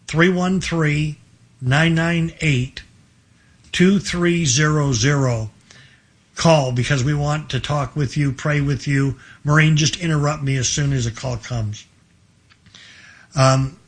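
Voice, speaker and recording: Husky-voiced older man preaching on radio. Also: on the high side, a bit bright. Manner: rambling, folksy storytelling with frequent restarts. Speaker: radio ministry host taking calls. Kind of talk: call-in radio sermon talk.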